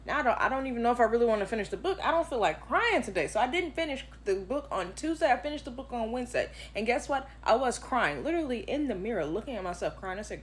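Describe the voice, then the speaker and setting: A woman book reviewer telling an animated, dramatic storytime to camera. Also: sits high, quick pace.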